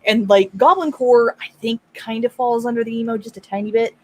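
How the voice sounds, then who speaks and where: A woman's voice: on the high side, fairly even intonation, fairly quick, mellow. Chatty woman explaining casually. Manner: explaining with frequent fillers. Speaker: panel guest. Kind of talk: casual chat.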